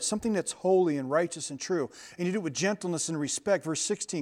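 Animated, conversational male pastor preaching. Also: sits high, brisk. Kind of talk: sermon.

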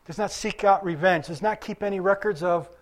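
High-voiced man preaching to a congregation. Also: fairly quick. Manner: conversational preaching, quizzing the congregation. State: recovering from illness. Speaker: pastor. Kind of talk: sermon.

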